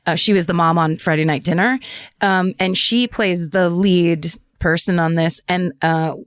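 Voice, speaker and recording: A middle-aged woman co-hosting a podcast from home over a video call, telling stories in a casual, animated way and laughing often. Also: on the low side, dry recording, clean studio sound. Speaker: podcast co-host. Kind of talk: casual chat. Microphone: remote video call.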